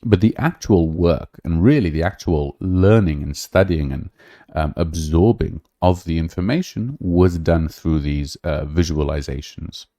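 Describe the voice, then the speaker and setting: Deep gravelly man rambling on a podcast. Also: measured pace, mellow, dry recording, studio quality. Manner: rambling, many fillers and restarts. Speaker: podcast host. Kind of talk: casual livestream talk.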